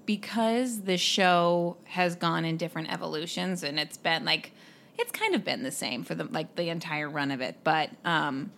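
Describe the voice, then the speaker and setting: A woman's voice: on the low side, normal speed, gravelly, a bit bright, slight background noise. A woman hosting a podcast, talking casually and rambling with lots of fillers. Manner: rambling, full of "like" and "um". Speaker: podcast host.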